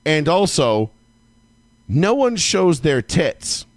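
A man co-hosting a casual sports talk show, telling a long story in a loose, profane way and breaking into yelling when he acts out his own outbursts. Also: on the high side, sing-song, slow, no echo. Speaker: podcast co-host.

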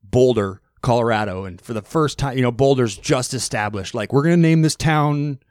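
A man co-hosting a podcast in casual chat, rambling through animated stories and throwing in mock accents. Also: medium pitch, moderate pace, clean tone, dry recording, clean studio sound. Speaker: podcast co-host. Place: podcast studio.

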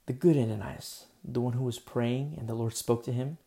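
Gravelly preacher guy, dark mellow voice, acts out the dialogue, goes real quiet sometimes. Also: mid-range voice, normal speed. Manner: animated preaching, acts out dialogue, drops to near whispers. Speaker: pastor. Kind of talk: sermon.

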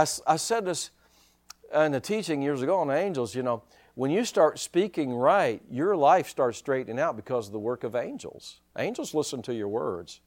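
A male pastor preaching a sermon in an animated way, full of rhetorical questions and chuckling asides. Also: fairly high pitch.

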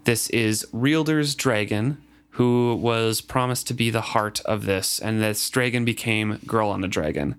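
A man's voice: lowish voice, measured pace, smooth. A man co-hosting a casual book discussion, reading passages and thoughtfully explaining the plot.

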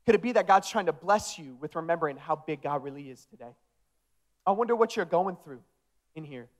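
A man's voice: fairly high pitch, brisk. A young man preaching a sermon with energy, acting out the disciples in casual modern speech. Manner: energetic, acts out the disciples' dialogue. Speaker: pastor.

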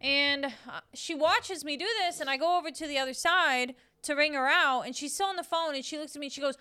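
A woman's voice: sits high, a little fast, hardly any pauses, sharp tone. A young woman co-hosting a podcast, ranting bluntly and swearing in casual chat. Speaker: podcast co-host.

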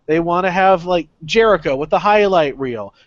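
A man co-hosting a casual wrestling chat, animated and full of "like" fillers. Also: high-pitched, normal speed, dry recording. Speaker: podcast co-host. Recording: dry, dull lo-fi audio.

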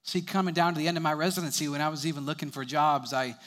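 A man's voice: fairly high pitch, fast talker, fairly bright tone. A young adult man preaching a sermon, telling stories and chuckling between sentences.

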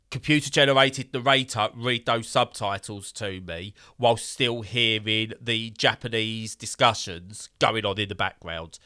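A man's voice: medium pitch, bright, forceful tone, clear, resonant tone. A man casually reviewing a game in a podcast chat, rambling with fillers and bursts of exasperation.

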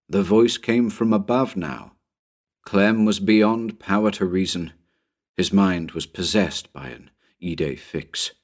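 A man with a very deep voice reads a horror tale slowly and with suspense. His delivery is unhurried, and his pitch swings widely to build tension around each scene. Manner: measured, suspenseful storytelling. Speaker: narrator. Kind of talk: dramatic audiobook narration.

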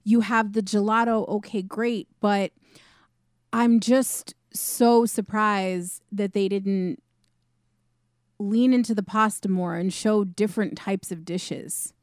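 A woman co-hosting a podcast, chatting casually about a film with quick, wry, questioning remarks. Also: mid-range voice, steady tone, no echo, studio quality. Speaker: podcast co-host. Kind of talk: casual film-review chat.

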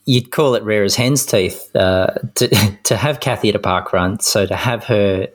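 A man's voice: on the low side, normal speed. A man co-hosting a podcast, friendly and hesitant, with many fillers and restarts. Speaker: podcast co-host. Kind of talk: casual chat.

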